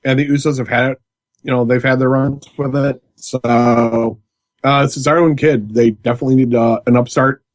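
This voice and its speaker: A man's voice: mid-range voice, steady tone, moderate pace, dry recording. A man in casual podcast banter, jokey and teasing.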